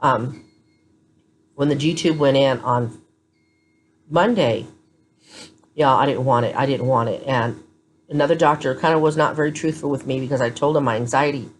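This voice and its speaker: Blunt, low-voiced woman in hospital. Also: moderate pace, long pauses. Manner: candid, blunt storytelling. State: tired. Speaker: vlogger. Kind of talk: casual chat to camera. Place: hospital room.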